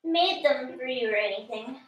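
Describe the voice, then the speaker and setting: A woman's voice: high-pitched, animated, moderate pace, fairly bright tone, slight background noise. A woman voicing a proud, defensive young schoolgirl in a game fan dub, recorded far from the mic in a roomy space. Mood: huffy. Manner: huffy, defensive.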